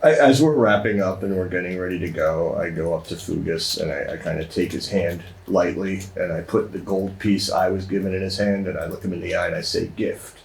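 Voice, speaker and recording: A man's voice: sits low, a little fast, creaky, hardly any pauses, reverberant, slight background noise, low-quality recording. A man playing a tabletop game, plainly describing what his character does. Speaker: player. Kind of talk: tabletop role-play.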